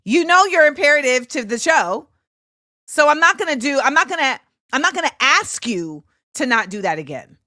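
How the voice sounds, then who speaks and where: A woman in her thirties tells a personal story as a show host, her voice bright and forceful. She talks in an animated way and acts out what people said. The sound is dry and close. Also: sits high, a little slow, dry recording. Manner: animated, acts out quoted voices, laughs often. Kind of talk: casual storytelling chat.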